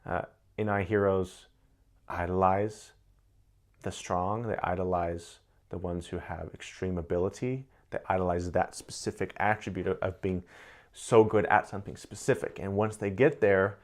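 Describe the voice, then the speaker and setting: A man's voice: sits low, steady tone, moderate pace. A man giving casual, thoughtful commentary on personality types, often repeating words as he searches for the right phrasing.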